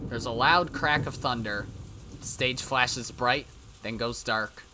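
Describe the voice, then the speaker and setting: A man's voice: medium pitch, slow, noisy background. A man reading a visual novel aloud, with brief side remarks of his own. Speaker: let's-play narrator. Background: game music.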